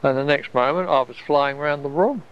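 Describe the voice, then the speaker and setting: Gravelly man telling a story. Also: on the high side, moderate pace, slight background noise. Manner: rambling, restarts and trails off, wonder in voice. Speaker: storyteller recalling an experience. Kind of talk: casual personal storytelling. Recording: dull lo-fi recording.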